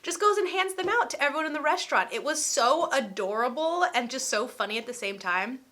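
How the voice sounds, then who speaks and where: A young woman in her twenties telling a storytime vlog in a chatty, animated way, with lots of "like". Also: high voice, brisk. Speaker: vlogger.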